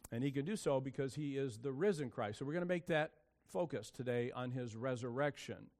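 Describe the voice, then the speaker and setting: A pastor with a medium-pitched, darkish voice preaches a sermon at a brisk clip. He opens with prayer, then explains where words come from in a casual, easygoing way, thinking aloud and using fillers.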